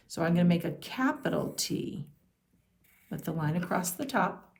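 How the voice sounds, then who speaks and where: A woman teacher giving a patient phonics and handwriting lesson to young children, sounding out each letter slowly. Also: fairly low pitch, vocal fry, a little mellow.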